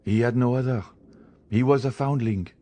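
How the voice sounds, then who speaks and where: A man's voice: mid-range voice, normal speed, mellow, voice pushed up, close to an everyday voice. A man reading the part of a frightened, evasive escaped convict pleading with a priest in an audiobook.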